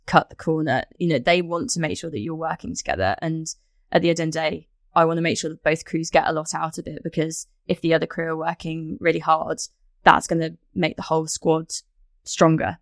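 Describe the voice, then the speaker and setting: A woman's voice: deep voice, fairly even intonation, fairly quick, gravelly, dry recording, clean studio sound. A young adult woman, a rowing coxswain, answering interview questions in a reflective, chatty way and laughing easily. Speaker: podcast guest, rowing coxswain.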